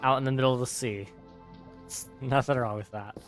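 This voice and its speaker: A man's voice: medium pitch, steady tone, normal speed, faint music behind. A tired young man casually chatting with his viewers while gaming on a livestream, rambling and answering chat. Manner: easygoing, rambling, reads chat aloud and answers it. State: tired, yawning. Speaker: gaming streamer.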